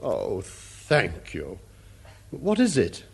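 A man's voice: fairly low pitch, wildly swooping pitch, very slow, creaky, breathy edge, exaggerated voice. A man playing a bashful, put-upon producer in a vintage radio comedy sketch, stammering when put on the spot.

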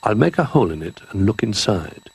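A man's voice: lowish voice, very animated, brisk, gravelly, slightly rough, full character voice, poor audio. A man reading the lines of a careful, earnest toy bear in a storybook.

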